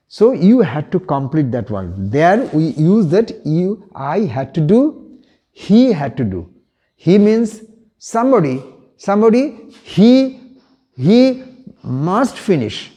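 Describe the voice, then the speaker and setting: A man with an Indian English accent giving an online English grammar lesson, explaining slowly and repeating example phrases. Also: high-pitched, warm tone. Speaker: English teacher.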